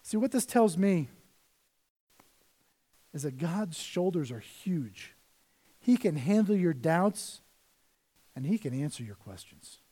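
High-voiced middle-aged male pastor preaching. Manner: swings between hushed asides and loud, emphatic scripture reading. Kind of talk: sermon.

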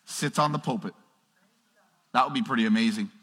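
A man preaching a sermon to a congregation, calling out to the crowd and swinging from loud, fervent reading to hushed asides. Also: medium pitch, brisk, husky. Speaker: pastor. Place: church sanctuary. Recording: long reverb of a large hall.

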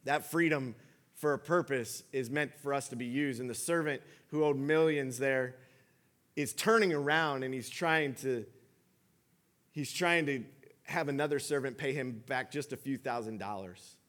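A man's voice: mid-range voice, normal speed, a bit bright. A man in his thirties, a father, preaching a sermon in a conversational storytelling way with frequent restarts. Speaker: pastor.

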